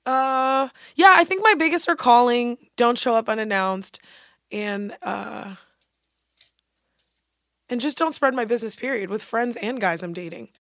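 A young woman chatting casually, blunt and animated, swearing freely and acting out quotes. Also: mid-range voice, normal speed, gravelly, dry recording, clean studio sound. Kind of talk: casual chat.

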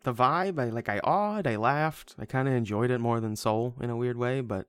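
A man's voice: medium pitch, moderate pace, no room sound, studio quality. A man in casual podcast chat reviewing a movie, rambling and stammering with frequent swearing. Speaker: podcast co-host.

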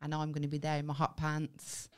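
A woman co-hosting a podcast, loud, giggly and sweary. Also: sits low, completely flat delivery, fairly quick. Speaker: podcast co-host. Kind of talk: casual banter.

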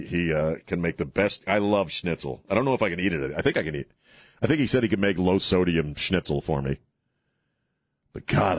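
A man's voice: sits low, dry recording. A man hosting a call-in radio show from a studio, blunt and joking, laughing often. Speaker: radio talk show host. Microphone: studio mic.

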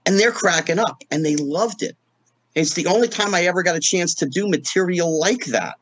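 A middle-aged man with a husky, slightly raised voice tells stories as a guest in a casual interview. He is animated and acts out the quoted voices in his stories, swinging his pitch up and down as he goes. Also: normal speed, no room sound.

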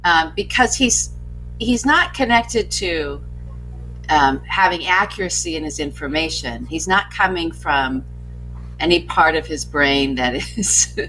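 A woman guest gives political commentary in a bright, sharp voice. Her pitch swings widely as she talks vividly and animatedly. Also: lively intonation, unhurried, faint music behind, rough recording. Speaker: panel guest.

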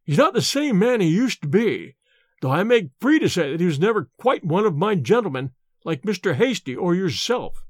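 A fretful old servant, put on by a man reading a storybook aloud, his voice pitched high and swinging with worry. He speaks deferentially with rough country grammar, and the recording is dry and close. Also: very animated, normal speed, no room sound. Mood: worried. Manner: anxious, deferential, rustic grammar. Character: little wrinkled old male manservant, fretful and deferential.

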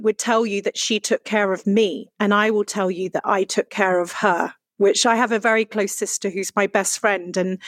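A woman's voice: mid-range voice, no room sound. Empathetic woman interviewer, dry sound. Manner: warm, emotionally open questioning. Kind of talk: podcast interview.

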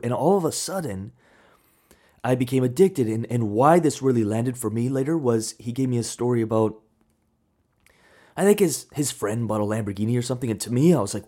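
A man's voice: mid-range voice, fairly quick, warm tone. A man in his thirties hosting a podcast, telling a candid, slangy motivational story in a casual solo monologue. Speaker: podcast host and coach.

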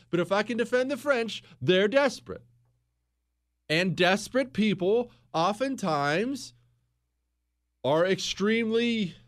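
A middle-aged man hosting a history podcast, telling the story casually and acting out quoted exchanges. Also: sits high.

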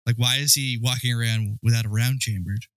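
A man's voice: mid-range voice, fairly even intonation, fairly quick, dry recording. A man co-hosting a podcast, rambling and restarting his sentences as he picks apart a movie, amused. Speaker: podcast co-host. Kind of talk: casual movie-review banter.

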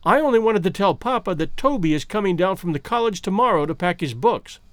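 A male reader doing a young woman's voice, proud and icy, lines pushed high and swinging wide, steady and cutting. the room is completely dry and close. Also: brisk, no echo. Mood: polite. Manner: cold, level and cutting.

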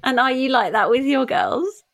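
A woman's voice: sits high, lively intonation, moderate pace, vocal fry. A woman hosting a podcast interview, reflective and thinking aloud as she asks her questions. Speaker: podcast host. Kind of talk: casual interview chat.

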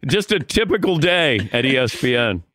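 Guest man, veteran broadcaster, lively storyteller, pitch swings a lot, dry close mic. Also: moderate pace, dry recording. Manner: lively storyteller who acts out quotes. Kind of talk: animated anecdote telling.

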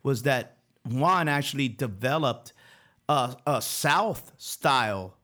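A man's voice: medium pitch, animated, slow, bright, forceful tone. A man from Philadelphia with a slight Philly accent, hosting a casual podcast chat, rambling and swearing with frequent restarts. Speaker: podcast host.

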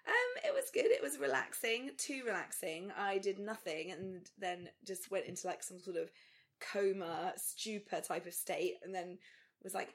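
A woman's voice: mid-range voice, big pitch swings, normal speed. Chatty English woman podcast co-host. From England. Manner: chatty, rambling storyteller with many fillers. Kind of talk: casual podcast chat. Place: London.

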